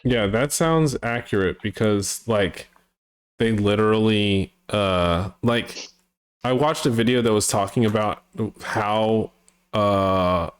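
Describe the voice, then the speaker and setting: A man with a fairly low voice hosts a casual livestream chat. He questions things with a wry, skeptical edge, picking apart claims and reading out viewer comments between remarks. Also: slow, clear, resonant tone. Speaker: streamer host.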